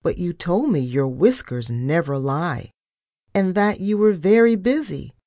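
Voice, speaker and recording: A woman reading the part of a smooth, smug grown female mouse secretary in a children's story. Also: fairly low pitch, big pitch swings, unhurried, mellow, dry recording, clean studio sound.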